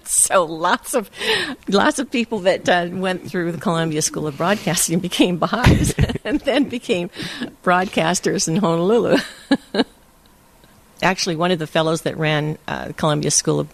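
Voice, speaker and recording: Gravelly older woman telling stories. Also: on the low side, a little slow. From Hawaii. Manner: laughs often, lively anecdotes. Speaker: interview guest. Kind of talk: casual storytelling.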